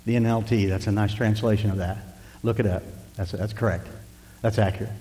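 A man preaching a sermon as pastor, impassioned, swinging between hushed pleading and loud preaching. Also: lowish voice, fairly even intonation, moderate pace, pauses often, long reverb tail. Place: church sanctuary.

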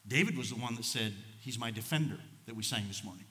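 Emotional preacher in a reverberant hall. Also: male voice, mid-range voice, fast. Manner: emotional, swings from soft storytelling to loud preaching. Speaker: pastor. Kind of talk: sermon. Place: church sanctuary.

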